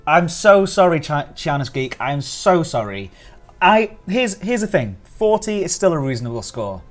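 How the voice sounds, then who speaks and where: Giddy man with a lively voice. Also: a little high, moderate pace, faint music behind. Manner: giddy, laughing often between words. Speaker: streamer reviewing biscuits. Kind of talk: casual live-stream chat.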